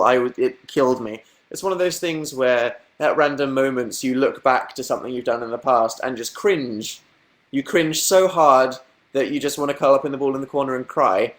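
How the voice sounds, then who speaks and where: Talking casually into his webcam at a moderate pace, a young man with an ordinary mid-range voice reads comments and spins awkward stories. He laughs often and imitates people in a lifted, squeaky voice for comic effect.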